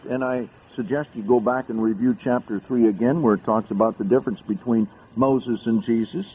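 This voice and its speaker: A pastor, a man, preaching a sermon, reading scripture aloud and rising sharply in pitch to stress key words. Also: fairly even intonation, brisk, hardly any pauses, dark tone, slightly rough, low-quality recording. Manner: reads scripture aloud, rising high with emphasis.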